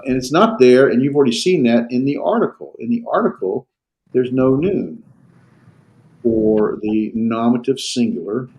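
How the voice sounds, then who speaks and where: A man lecturing a classroom on Greek grammar, pausing often on fillers and restarts and checking in with his students. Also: medium pitch, darkish tone, low-quality recording. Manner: halting, with frequent fillers and restarts. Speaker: Greek teacher.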